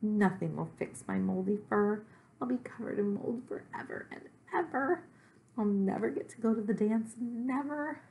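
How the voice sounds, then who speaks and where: A woman's voice: mid-range voice, moderate pace, gravelly, mellow, slight background noise, voice pushed up, natural voice. A woman voicing a sad, moldy young male monster who wails and pleads through tears in a storybook reading. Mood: wailing. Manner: wailing, pleading.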